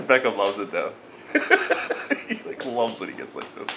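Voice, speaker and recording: A young dad films his little boys at home and talks to them in a lively voice that swings up high whenever he plays. The handheld camera audio is full of background noise from the living room. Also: moderate pace, long pauses. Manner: jumps to a high sing-song voice talking to his toddlers. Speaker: father filming his kids. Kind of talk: casual family vlog.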